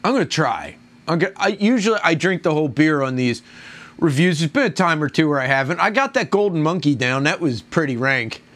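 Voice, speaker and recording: A man's voice: on the high side, lively intonation, fairly quick, a bit bright. A man reviewing a beer on his own, rambling, groaning and complaining in crude language. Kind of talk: casual solo review.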